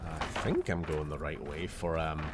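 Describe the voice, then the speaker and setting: A man's voice: extremely low pitch, flat delivery, moderate pace, very noisy. A man with a Scottish accent giving casual, muttering, sweary commentary while streaming a game. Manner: swears often, mutters to himself. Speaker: gaming streamer.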